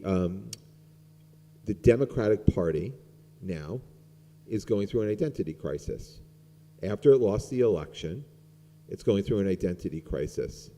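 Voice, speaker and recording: Conversational rabbi in a reverberant hall. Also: male voice, lowish voice, warm tone. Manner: conversational, rambling with many fillers. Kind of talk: informal sermon with discussion. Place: synagogue sanctuary.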